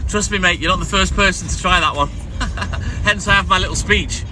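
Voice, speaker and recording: A man chatting live from his milk round, reading out viewer comments and giving friendly shout-outs by name. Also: sits high, unhurried, a crowd in the background, background noise. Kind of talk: casual live-stream chat reading out comments.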